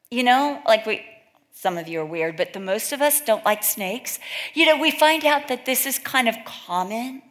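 Speaking at a normal speed with lively intonation and a slightly high pitch, this middle-aged woman from California gives a casual talk to a women's Bible study. Her storytelling is chatty and packed with anecdotes, and she performs what others said.

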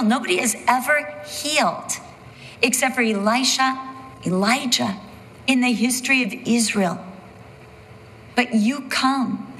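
A woman preaching a sermon slowly and emphatically, with dramatic pauses. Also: on the high side, fairly bright tone, long reverb tail, poor audio.

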